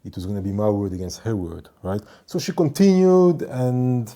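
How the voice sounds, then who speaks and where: A man telling a story from his work as a ship's doctor and department head, in a measured, emphatic way that repeats points for stress. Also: mid-range voice, dark tone. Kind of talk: storytelling monologue.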